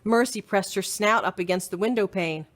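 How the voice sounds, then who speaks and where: A librarian, female, reads a children's chapter book out loud with lots of storytelling expression. Her mid-range voice moves at a moderate pace.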